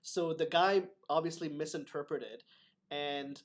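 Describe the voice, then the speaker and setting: Male host, martial arts teacher, higher voice, chatty storyteller. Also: measured pace. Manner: animated storytelling with laughs. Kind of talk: casual chat.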